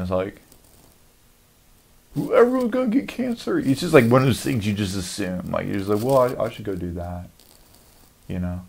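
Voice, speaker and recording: A man's voice: deep voice, gravelly. A young man delivering a rambling, profane comedic rant as a podcast host.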